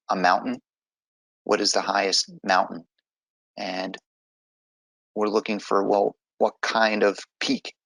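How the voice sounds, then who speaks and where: Low gravelly man teaching grammar. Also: sharp tone, dry recording, rough recording. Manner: patient, explains step by step. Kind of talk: online grammar lesson.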